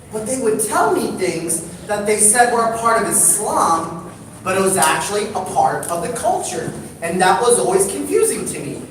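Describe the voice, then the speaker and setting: A man speaking to a live audience from across an echoey hall, his voice picked up from far off over steady background noise. He tells stories with animated energy and draws the crowd into questions. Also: high-pitched. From United States. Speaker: storyteller. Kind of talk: live storytelling talk to an audience.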